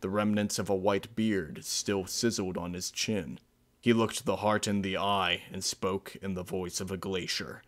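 A man narrating a dark fan-fiction story in a measured, grave storytelling manner. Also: sits low, flat delivery. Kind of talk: dramatic fan-fiction reading.

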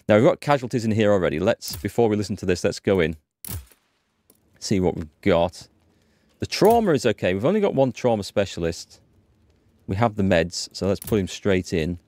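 A man's voice: on the low side, animated, moderate pace, darkish tone, dry recording. A man hosting a gaming channel, chatting and thinking aloud as he plays. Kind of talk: let's-play commentary.

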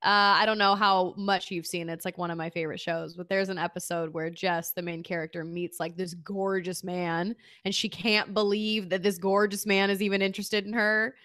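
A woman's voice: medium pitch, little pitch movement, moderate pace, few pauses, fairly bright tone, dry recording, clean studio sound. A woman comedian guesting on a podcast, brash and playful, swearing freely in casual chat.

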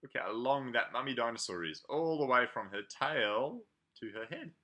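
A mid-range male voice belongs to a preschool playgroup leader reading a picture book to toddlers. He performs it in an animated, sing-song manner with elongated words.

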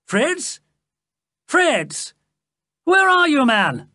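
A woman voicing a carefree young king who is loud and fond of wine, in hearty, jovial exclamations. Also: lowish voice, big pitch swings, takes it slowly, no room sound, clean studio sound, exaggerated voice. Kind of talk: storybook character voice.

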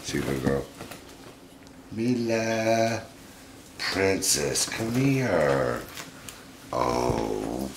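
A middle-aged man talking fondly and gently to his pet monkeys in a casual home vlog. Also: extremely low pitch, very animated, extremely slow, long pauses, reverberant, noisy background. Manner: gentle, doting, chuckling baby talk to pets.

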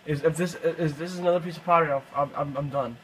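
A man's voice: a little high, fairly even intonation, fast, fairly bright tone, slight background noise, low-quality recording. A young man commentating a video game he is playing, frustrated and swearing often. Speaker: gameplay commentator. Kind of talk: let's play commentary. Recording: game music underneath.

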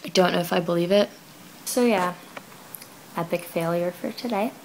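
A young woman talks to her camera late at night from her bedroom, rambling and giggling, slightly out of breath. Her voice has a gravelly fry, with a faint hiss in the background. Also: on the low side, normal speed, poor audio. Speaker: vlogger. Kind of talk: casual late-night vlog.

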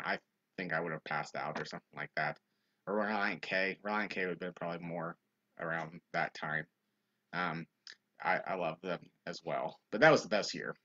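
A young man with a fairly low voice tells a funny story in a relaxed livestream. He is a youth minister who jumps into high, loud voices when he quotes people. The sound is dull and lo-fi.

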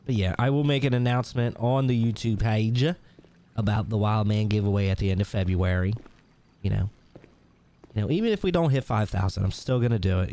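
Male streamer with a lowish voice, easygoing live-chat host who keeps chuckling. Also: dark tone. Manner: reads viewer names aloud, chuckles often. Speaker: livestream host.

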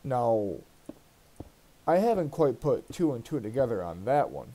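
A man's voice: medium pitch, very animated, a little slow, warm tone. A man hosting a let's play, telling a long personal story in a rambling, profane, aggrieved way while he plays. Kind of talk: casual storytelling while gaming.

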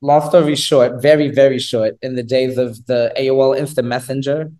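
A man in his thirties from Brooklyn with a New York accent, a guest telling stories in a relaxed interview chat. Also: medium pitch, normal speed. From Brooklyn, New York City. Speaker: guest, pole instructor and activist.

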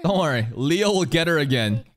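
Watching an anime episode live, this man gets excitable, curses freely, laughs often and answers the screen in casual commentary. His pitch is somewhat high and his pace is moderate.

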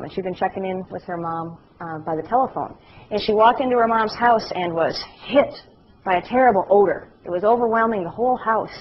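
A middle-aged woman giving a class lecture, telling anecdotes in a lively way and acting out the voices of people she describes. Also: medium pitch, highs cut off, slight background noise. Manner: animated storytelling, acts out voices.

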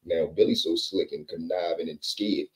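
A man telling a comedic prison story in a casual, animated way, acting out each character. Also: sits low, normal speed, low-quality recording. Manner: animated, acts out every character.

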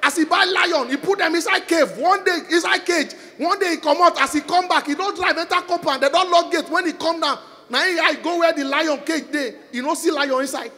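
A man with a Nigerian accent doing stand-up comedy on a concert stage, telling stories loudly in Pidgin and English. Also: very high-pitched. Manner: loud, animated storytelling in Nigerian Pidgin and English.

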